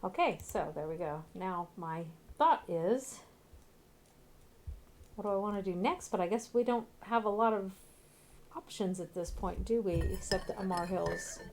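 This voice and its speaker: A woman's voice: mid-range voice, animated, a little slow, darkish tone. A woman streaming a video game, chatting casually and bluntly, now and then swearing. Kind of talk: casual gameplay commentary.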